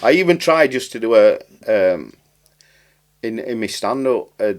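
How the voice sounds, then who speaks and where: A man from Barnsley with a lowish voice talks at a measured pace with lively intonation. He's a writer and comedian chatting as a podcast guest in a casual interview, rambling in broad dialect and dropping words along the way.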